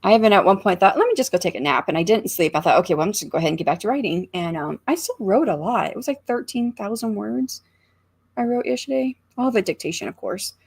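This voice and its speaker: A woman's voice: mid-range voice, expressive, fast talker, vocal fry, breathy edge. A middle-aged American woman hosting a casual writing livestream from a room at home, chatting in a rambling, think-aloud way and reading viewer comments aloud. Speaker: author livestream host.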